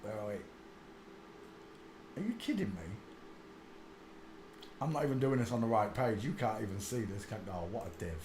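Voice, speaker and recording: A man's voice: on the low side, lively intonation, normal speed, pauses often, a little mellow, slight background noise. A man, rambling crudely through a casual live stream and mocking himself. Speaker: host. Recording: echoey room.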